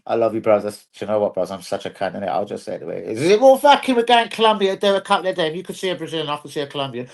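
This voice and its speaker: A man's voice: on the high side, rapid-fire, hardly any pauses. Brief: man hosting a livestream, rowdy and foul-mouthed, mumbling one moment and bellowing the next. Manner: rowdy, profane, swings from mumbling to shouting. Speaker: livestream host. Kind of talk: livestream fan chat. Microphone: computer mic on a livestream.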